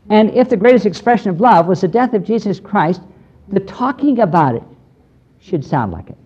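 A man's voice: high-pitched, a little mellow. An older man from the United States preaching a sermon in an earnest, plain-spoken way that rises into emphatic preaching. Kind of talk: sermon with a storytelling tone. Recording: dull lo-fi recording.

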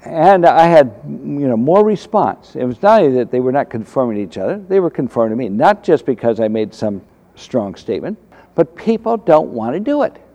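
An older man, a former navy officer, telling faith stories from his service in a halting way, full of restarts and fillers. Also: medium pitch, warm tone. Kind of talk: casual storytelling testimony.

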